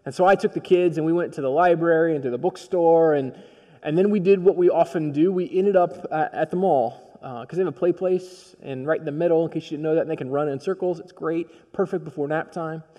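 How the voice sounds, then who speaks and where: A male pastor preaching a sermon, telling a story in a personal, conversational way that swings from quiet to emphatic. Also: a little high, brisk, in a large hall.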